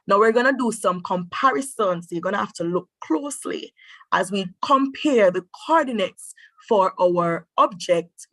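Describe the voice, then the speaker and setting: A woman teaching a maths lesson online over a computer microphone. She encourages her students and thinks aloud with drawn-out hmms. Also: medium pitch, a bit bright, no room sound. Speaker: mathematics teacher.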